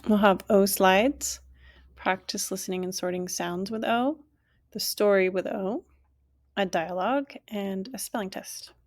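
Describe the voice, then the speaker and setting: A woman teaching a language lesson, saying each word slowly and clearly and then repeating it. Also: mid-range voice.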